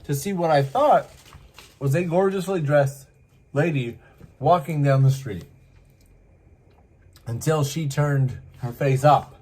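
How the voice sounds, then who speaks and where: A man from Canada telling a story casually, lively and full of asides, as host. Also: on the high side, slow pace, long pauses. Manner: animated, acts out voices, many asides.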